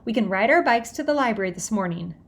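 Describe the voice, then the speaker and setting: A woman's voice: fairly high pitch, animated, fast talker. A woman voicing a bossy preteen girl who teases in a sing-song way. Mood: teasing.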